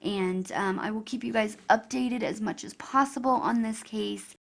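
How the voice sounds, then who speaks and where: A woman's voice: mid-range voice, moderate pace, creaky. A woman vlogger talking emotionally and chattily to her viewers. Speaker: YouTuber. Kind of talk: casual vlog commentary.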